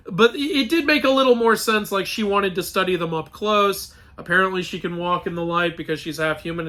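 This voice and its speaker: A man's voice: high-pitched, pushed and bright. A man hosting a casual film review, sarcastic and exasperated, laughing often and restarting his sentences. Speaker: mythology channel host reviewing a film.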